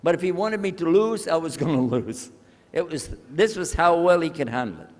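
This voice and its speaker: An older male religious speaker telling a personal story to an audience, acting out the dialogue with lively changes of voice. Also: on the high side, moderate pace, big-room sound. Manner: animated storyteller who acts out the dialogue.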